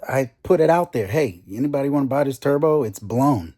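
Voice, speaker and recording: A man's voice: mid-range voice, brisk. A young man vlogging about his car, telling a long story in a casual rant and acting out the conversations he quotes. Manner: animated, acts out quoted conversations.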